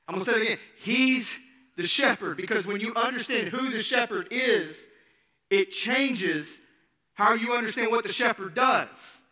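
Preacher, male, high and bright, emphatic sermon delivery with repeated phrases. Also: moderate pace. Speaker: pastor.

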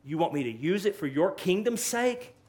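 A male pastor preaching an animated sermon, acting out quotes with rising and falling emphasis. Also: sits high, moderate pace.

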